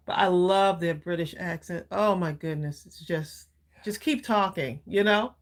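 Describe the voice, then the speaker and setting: A woman's voice: fairly low pitch, slow pace. A middle-aged woman co-hosting a live craft stream, chatting casually and upbeat while she demonstrates, laughing often.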